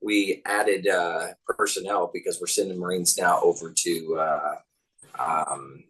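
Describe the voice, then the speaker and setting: A man's voice: low voice, little pitch movement, measured pace, a bit bright, husky, poor audio. A man hosting a casual interview, answering his guest with short reactions and sometimes adding his own points. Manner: supportive listener, brief reactions. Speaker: podcast host.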